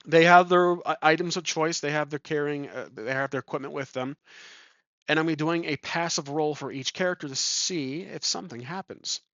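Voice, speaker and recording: A man with a higher, brisk, fairly bright voice plays a tabletop game solo, improvising the narration and thinking aloud with lots of ums. There's no echo, but the recording has a dull lo-fi sound.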